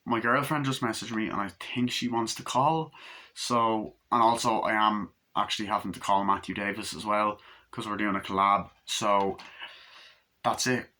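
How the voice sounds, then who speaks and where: Casual rambling young man with a bright, lowish voice. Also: fairly even intonation, normal speed. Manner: rambling, filler-heavy, swears casually. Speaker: film reviewer. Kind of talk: casual vlog review.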